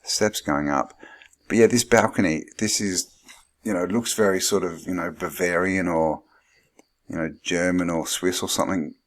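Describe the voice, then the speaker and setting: A man's voice: deep voice, moderate pace. A man hosting his channel, rambling through commentary on old photographs and thinking aloud with lots of fillers. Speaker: channel host.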